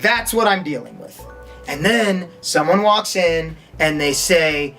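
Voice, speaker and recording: Teaching an online acting course, a man speaks plainly and now and then performs a short line in a different tone to show how it changes the effect. His voice is fairly high and fairly bright, and he talks a little slowly. Faint music plays behind him.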